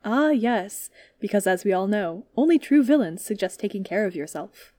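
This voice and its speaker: A woman's voice: mid-range voice, animated, fairly quick, dark tone, no echo, studio quality, lightly acted. A woman voicing a sarcastic young male Jedi apprentice in a storybook reading.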